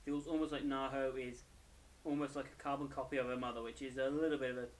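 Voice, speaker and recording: Yawning and weary, a young man walks through an anime episode in a rambling, casual review, often correcting himself mid-sentence. He talks fast at a plain middle pitch with little pitch movement, and a little hiss or hum is audible.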